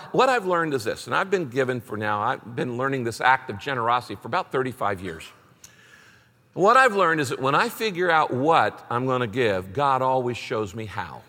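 A man's voice: mid-range voice, bright, forceful tone. Emphatic preaching man in a big hall. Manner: emphatic, repeats key phrases, reads scripture aloud. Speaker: pastor. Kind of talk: sermon.

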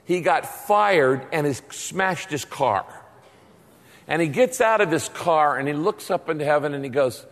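Animated storytelling pastor with reverb. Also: male voice, a little high, measured pace. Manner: storytelling with comic timing. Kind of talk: sermon.

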